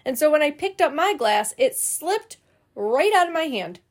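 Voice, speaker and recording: A woman's voice: high voice, big pitch swings, moderate pace, voice pushed up. A woman reading a children's book aloud, voicing a spirited little kindergarten girl who chatters in childish grammar. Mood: worried.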